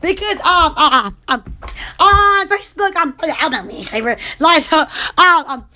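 A woman's voice: very high voice, expressive, moderate pace, pushed and bright. A woman who runs a small shop, chatting casually on a live stream, giggly and silly, blowing kisses and using many fillers. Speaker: small shop owner promoting her products.

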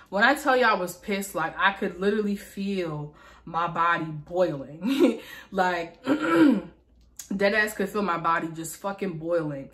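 A woman's voice: fairly low pitch, fairly bright tone. Heated young woman venting on camera. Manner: heated, emphatic venting with frequent profanity and repetition. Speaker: vlogger. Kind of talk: casual storytime vlog.

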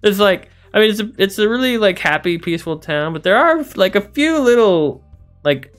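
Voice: mid-range voice, animated, moderate pace, soft background music. A game streamer making casual, jokey, rambling commentary while playing. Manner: jokey, rambling, laughs often.

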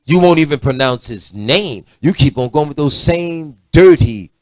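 A middle-aged preacher man delivers a sermon, his pitch leaping up and down as he goes. He swings between emphatic, almost shouted lines and quiet asides. The sound is dry and close, with no room echo. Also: lively intonation, unhurried. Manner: preachy, rising to shouts and dropping to low asides.

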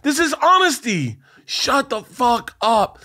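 A man hosting a podcast in casual chat, excitable, laughing hard and swearing often. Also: very high-pitched, slow. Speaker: podcast host.

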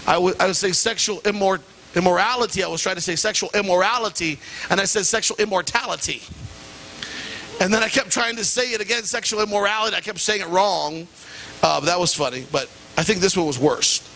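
A middle-aged male pastor preaching a sermon and telling animated, self-deprecating stories with sudden jumps in pitch. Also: a little fast, slight background noise. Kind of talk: sermon with personal anecdote. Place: church sanctuary.

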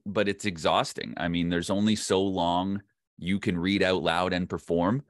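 A man's voice: sits low, steady tone, normal speed, dry recording, studio quality. A Canadian man, a voice actor, chatting casually in an interview, laughing often and trailing off mid-sentence. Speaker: voice actor guest.

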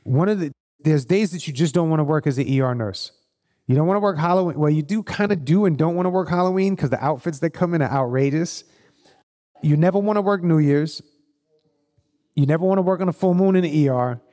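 Animated blunt man in an echoing hall. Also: a little high. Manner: animated, blunt storytelling with swearing. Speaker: host leading a live group session. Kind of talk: live event talk. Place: event hall. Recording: long hall reverb at a live event.

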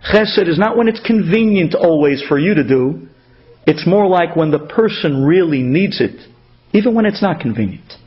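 High-pitched guy telling a story, acts out the voices, dull lo-fi sound. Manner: animated, acts out voices in quotes. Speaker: inspirational storyteller. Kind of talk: storytelling talk.

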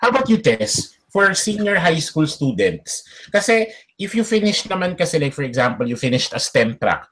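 A man's voice: fairly high pitch, very animated, moderate pace, fairly bright tone, slightly rough. A man in his forties with a Filipino accent, moderating a webinar panel in a conversational way and asking the panelists questions. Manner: conversational, asks questions, mixes English and Tagalog.

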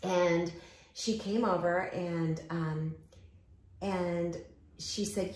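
A woman hosting a casual chat while out walking, telling stories in an animated way and acting out the voices of the people in them. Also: fairly low pitch, slow pace, pauses often, reverberant, slight background noise. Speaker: host. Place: outdoors walking.

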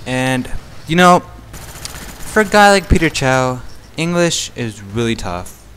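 A man's voice: mid-range voice, sing-song, takes it slowly, fairly bright tone, slight background noise. A man ranting in a rambling, indignant way over gameplay footage, peppering his talk with "like". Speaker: gaming channel host.

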